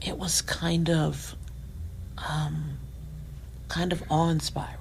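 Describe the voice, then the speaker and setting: Middle-aged woman, low voice, soft-spoken, near-whispers at tender points, faint hiss behind. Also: little pitch movement, slow, creaky, poor audio. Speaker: podcast guest. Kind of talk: emotional personal storytelling.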